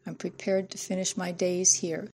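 A woman voicing a pained, resigned man who speaks quietly and firmly. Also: fairly low pitch, little pitch movement, moderate pace, slight background noise, natural voice. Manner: quiet, firm, sighing.

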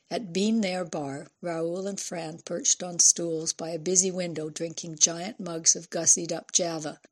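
A woman narrating a novel as an audiobook in a measured, descriptive way. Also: on the low side, fairly even intonation.

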